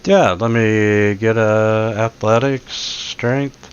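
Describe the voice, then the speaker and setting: A man's voice: lowish voice, fairly even intonation, slow, clear, resonant tone. A man running a tabletop game as game master, describing scenes hesitantly with many fillers, on dull lo-fi audio.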